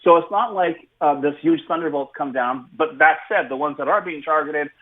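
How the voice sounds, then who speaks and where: A man's voice: fairly high pitch, moderate pace. Sardonic Canadian man on a tinny line. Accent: Canadian English. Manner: sardonic, many fillers and restarts. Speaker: political commentator. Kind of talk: radio commentary. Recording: phone-like narrow radio line.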